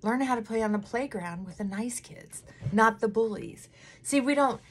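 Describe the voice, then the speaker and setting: A woman's voice: fairly high pitch, normal speed, husky. A middle-aged woman chatting emotionally and candidly while doing her makeup at home, close to tears at times. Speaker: vlogger.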